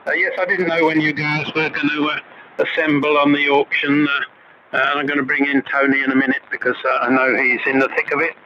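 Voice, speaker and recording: A man's voice: a little high, little pitch movement, a little fast. Chatty man through heavy radio static. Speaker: amateur radio net controller. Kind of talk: casual radio net chat. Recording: heavy static on muffled AM shortwave reception.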